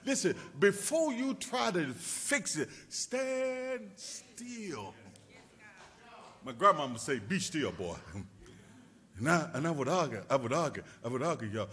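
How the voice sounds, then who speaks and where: A male pastor preaching a sermon, rising to shouts and dropping to a hush, repeating words and calling out to his congregation. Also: sing-song, normal speed, husky. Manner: rising to shouts then dropping low and quiet.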